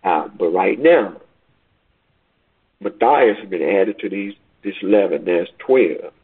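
A man's voice: deep voice, slow, husky. A man preaching a sermon, repeating himself and building to rising, urgent questions. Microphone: phone call line. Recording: tinny phone line.

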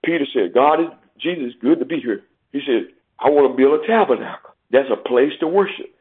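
Male preacher, emphatic sermon delivery, raspy and tinny. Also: medium pitch, lively intonation, brisk. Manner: preaching with rising, emphatic climbs and quoting scripture. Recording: tinny phone-like sound.

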